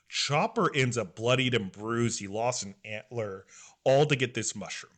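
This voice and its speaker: A young adult man co-hosting a podcast, recapping a story in an animated, emotional way. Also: mid-range voice, moderate pace. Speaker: podcast co-host.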